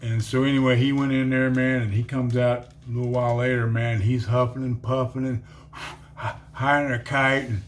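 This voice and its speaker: Speaking at a normal pace with a flat, medium-pitched delivery, a middle-aged man gives a meandering personal testimony packed with fillers, often addressing the listener as "man."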